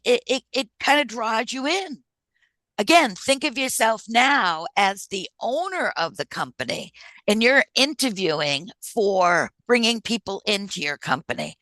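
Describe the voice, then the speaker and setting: Presenting a workshop on job searching, a woman keeps things conversational and often checks her audience's understanding with "right?" She speaks in a mid-range, slightly bright voice on a dry recording.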